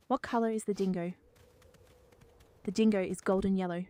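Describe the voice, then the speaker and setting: A woman's voice: medium pitch, fairly even intonation, fairly quick, pauses often, warm tone, no echo. Cheerful sing-song woman teaching toddlers. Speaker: children's video narrator. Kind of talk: scripted narration for toddlers.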